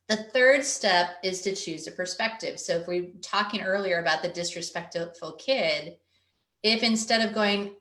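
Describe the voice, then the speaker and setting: In an echoey room, a woman with a mid-range, slightly bright voice speaks at normal speed during a webinar presentation. She's a parenting coach explaining things earnestly over video call, frequently voicing a stressed parent's thoughts.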